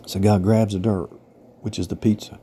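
A man's voice: fairly low pitch, flat delivery, fairly quick, dark tone, slightly rough. A man giving an informal spiritual talk, rambling and repetitive, telling parables and checking in with "right?" and "you know?". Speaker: religious teacher. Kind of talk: informal spiritual teaching monologue.

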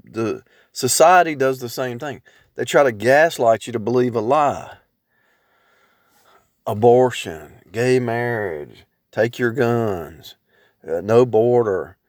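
A man's voice: mid-range voice, no echo. Rambling man in casual monologue. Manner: rambling, with restarts and repeated phrases. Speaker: speaker sharing religious reflections.

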